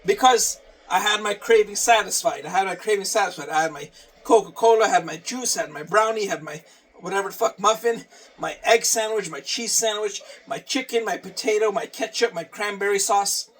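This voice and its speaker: A man's voice: sits high, moderate pace, a bit bright, far from the mic. A man talking casually through his day and a workout, repeating phrases and swearing offhand. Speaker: vlogger.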